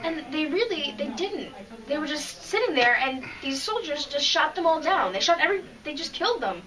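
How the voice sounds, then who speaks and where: A woman with a high, bright voice chats eagerly about her reading, getting emotional and tripping over her sentences. She sits some distance from the microphone, so she sounds slightly far off. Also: very animated, moderate pace. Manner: chatty and emotional, with frequent restarts. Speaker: podcast co-host. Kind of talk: casual chat reviewing comics.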